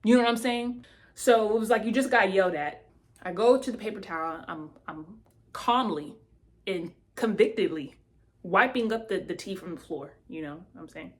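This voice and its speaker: A woman telling a personal testimony in a casual, animated way, speaking straight to her listeners. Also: medium pitch, moderate pace.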